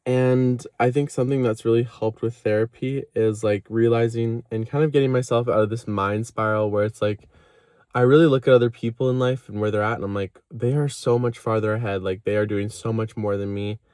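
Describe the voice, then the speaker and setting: A man's voice: mid-range voice, steady tone, a little fast, a little mellow, clear, resonant tone, no echo, clean studio sound. A young man talking candidly to camera about self-worth and therapy, rambling with many fillers and quoting himself with laughs. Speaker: vlogger. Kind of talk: candid confessional vlog.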